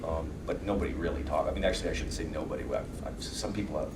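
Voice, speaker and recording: Joking actor at a convention panel. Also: male voice, a bass voice, fast. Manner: joking, animated, does accent impressions. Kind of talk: casual storytelling Q&A. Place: large convention hall. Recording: echoey hall, distant mic, noise.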